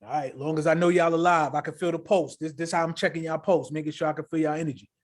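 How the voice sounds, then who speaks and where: A man co-hosting a casual crypto livestream, talking in an animated, hyped way with a habit of tagging "right?" onto his sentences. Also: fairly high pitch, fast. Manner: animated, hyped, repeats himself with filler "right?". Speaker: crypto show co-host.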